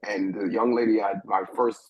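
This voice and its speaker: A middle-aged man from New York, a guest telling a personal story in an animated way, often restarting and repeating words as he thinks. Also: lowish voice, moderate pace, dry recording. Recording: dull lo-fi dry sound.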